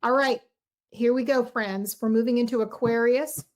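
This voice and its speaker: A middle-aged woman with a slightly high voice hosts a casual tarot livestream, speaking steadily at a normal pace. Warm and effusive, she addresses her viewers directly and showers them with encouragement as she reads the cards.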